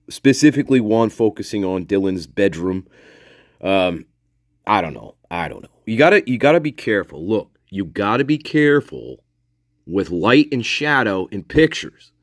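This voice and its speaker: A man's voice: fairly low pitch, no room sound, studio quality. A man hosting a casual live discussion, rambling, repeating himself and swearing freely. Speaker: livestream host.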